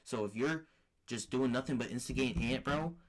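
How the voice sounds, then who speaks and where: A man's voice: medium pitch, brisk. A young man co-hosting a podcast, telling family stories in slangy, profane, candid casual chat. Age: young adult. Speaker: podcast co-host.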